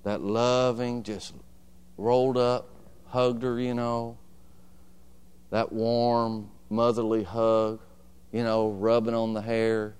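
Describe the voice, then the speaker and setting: A man's voice: mid-range voice, level tone, slow, pauses often, darkish tone, clean tone. A man pastor preaching a sermon, telling a personal story and calling out to the congregation for agreement.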